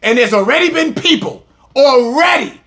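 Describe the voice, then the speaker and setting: A man teaching a scripture lesson with fiery passion, his voice breaking up as he shouts. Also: very high-pitched, animated, moderate pace, vocal fry. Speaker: religious teacher.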